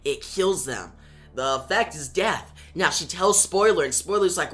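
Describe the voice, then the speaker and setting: A man casually retelling a comic story, excitable and eager. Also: fairly high pitch, a little slow. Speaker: comic reviewer.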